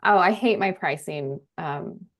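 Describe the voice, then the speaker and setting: Woman photographer, soft and self-deprecating, trails off mid sentence. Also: on the low side, a little slow. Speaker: photographer getting feedback. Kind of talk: casual conversation.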